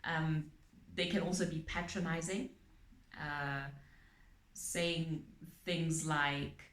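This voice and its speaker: Woman, calm explainer, unhurried delivery, slightly low voice, echoey room. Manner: calm, explains with everyday examples, frequent ums. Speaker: channel host on abuse awareness. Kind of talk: explanatory talk to camera.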